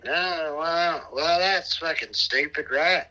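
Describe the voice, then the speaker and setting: A drunk man with hiccups, trading loud, profane comedic banter over a phone from a hospital room. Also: fairly high pitch, slow pace, poor audio. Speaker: comedy show regular.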